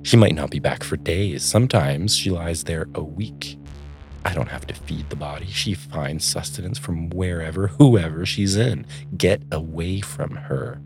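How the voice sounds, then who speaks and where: A man reading aloud voicing a stern middle-aged mother who talks in sharp, clipped snaps. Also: sits low, unhurried, over music. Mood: snapping.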